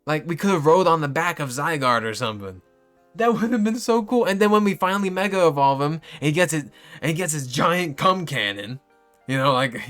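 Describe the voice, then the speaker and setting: A young man in casual, rambling game commentary, swearing often and turning loud and exasperated as he vents. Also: mid-range voice. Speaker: video game reviewer.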